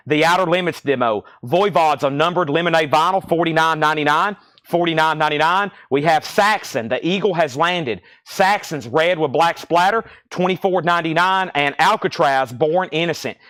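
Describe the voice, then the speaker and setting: A man hosting a live record sale, briskly reading off buyer names and prices, out of breath. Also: a little high, a bit bright, dry recording. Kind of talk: live-stream sales patter.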